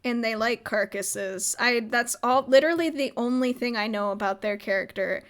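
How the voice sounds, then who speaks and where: A woman's voice: fairly high pitch, normal speed, a bit bright. A young woman casually recapping a roleplay server on her livestream, rambling and giggling with lots of filler words. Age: young adult.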